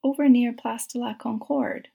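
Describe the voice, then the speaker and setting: A woman reading the lines of a shy, self-conscious young woman in a soft, breathy half-whisper. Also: a little high, steady tone, normal speed, exaggerated voice.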